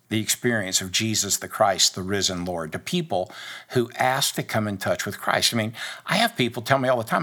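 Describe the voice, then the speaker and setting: Bright-toned earnest male pastor. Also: mid-range voice, very animated, moderate pace. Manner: earnest, conversational, repeats phrases for emphasis. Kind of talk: devotional podcast message.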